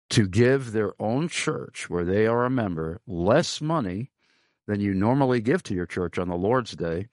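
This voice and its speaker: Earnest low-voiced male radio host. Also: dry recording, studio quality. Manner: earnest, pleading, lists many phrases. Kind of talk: radio show appeal and listener questions.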